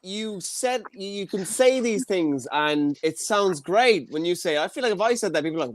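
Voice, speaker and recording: High-voiced Irish man, dry mic. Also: lively intonation, moderate pace, no room sound. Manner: stammering, crude teasing. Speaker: podcast host. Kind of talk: casual comedy banter.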